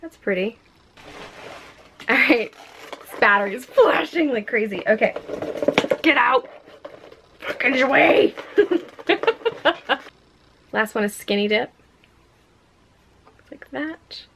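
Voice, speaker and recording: A woman's voice: fairly high pitch, animated, slow, gravelly, long pauses, background noise. A woman vlogging a casual makeup unboxing at home, gushing and exclaiming with frequent giggles. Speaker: beauty vlogger.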